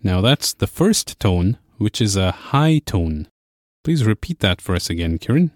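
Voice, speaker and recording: A man teaching a language lesson, explaining clearly and patiently. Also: lowish voice, big pitch swings, measured pace, no echo, studio quality. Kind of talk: scripted lesson narration.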